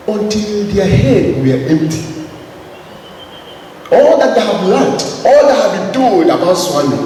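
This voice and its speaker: A man from Nigeria, a Catholic priest, giving a spiritual talk to a gathering, telling a story and leading the audience in call and response. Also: sits high. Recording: echoey hall, voice from far off, noisy.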